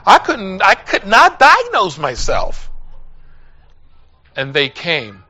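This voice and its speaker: An older man preaching a sermon, telling a personal story and building up to loud calls to his listeners. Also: high-pitched, huge pitch swings, slow pace, long pauses, husky. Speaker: pastor.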